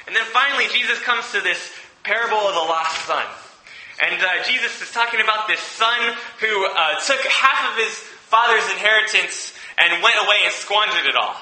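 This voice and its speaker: A man with a high, very bright voice delivers a sermon to his congregation. He reads scripture and then unpacks it in a loose, chatty way, restarting his phrases as he goes. The sound is roomy and echoey, like a church hall. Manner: conversational, restarts and asides. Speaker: pastor. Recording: echoey room.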